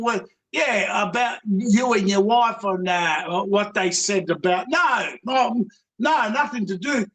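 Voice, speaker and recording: A very high-voiced man calls in to a livestream. He interrupts and insists as he tries to get a word in. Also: slow pace, fairly bright tone. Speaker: caller. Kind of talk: casual call-in chat.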